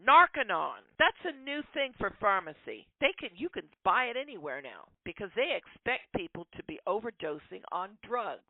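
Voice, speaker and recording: A woman hosting a podcast, delivering an opinionated monologue in an animated, ranting way full of rhetorical questions. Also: medium pitch, normal speed, hardly any pauses, no room sound. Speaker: podcast host. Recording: tinny phone-like line, dry.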